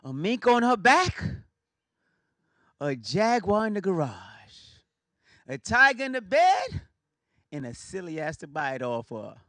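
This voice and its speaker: A sassy old grandmother, soft-spoken and knowing, who takes her time over every word. A comedian puts her on in his own bright voice. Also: high voice, huge pitch swings, measured pace, pauses often, no echo, heavily acted.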